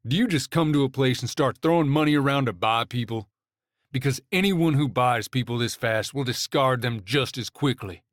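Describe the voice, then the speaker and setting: A man's voice: medium pitch, moderate pace, no room sound, clean studio sound, lightly acted. A man voicing a blunt, hot-tempered young male rancher in his late twenties who talks in a brash, accusing way.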